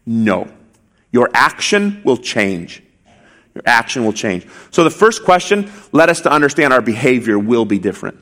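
Lively, emphatic male preacher. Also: a little high. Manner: emphatic, repeats key phrases, rhetorical questions. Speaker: pastor. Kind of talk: expository sermon.

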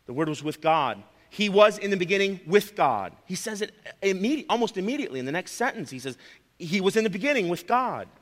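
A man's voice: high voice, very animated, a little fast, big-room sound. A man preaching a sermon, emphatic, repeating his key phrases and calling his listeners friends.

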